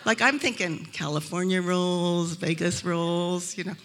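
A woman from Arizona giving a humorous faith talk to a live audience in a hotel event room. She tells lively stories and acts out the voices of the people in them. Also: lowish voice, unhurried, a little hiss or hum. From Arizona, USA. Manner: lively storytelling, acting out quoted voices. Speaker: speaker at a Christian event.

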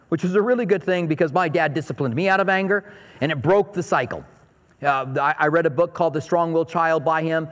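A man's voice: on the high side, fairly bright tone. A middle-aged male pastor preaching in a conversational, story-telling way and asking his audience questions. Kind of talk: sermon. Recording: echoey hall with long reverb.

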